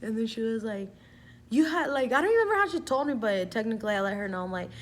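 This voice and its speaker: A woman's voice: fairly high pitch, animated, racing. Young woman vlogger, chatty and profane. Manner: chatty, swears freely, fills with "like". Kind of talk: casual storytelling.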